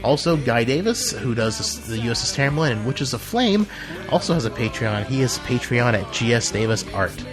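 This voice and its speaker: A woman hosting a casual podcast, laughing often and dropping into a lower, serious announcer tone for the show's plugs. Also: big pitch swings, normal speed, music in the background. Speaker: podcast host.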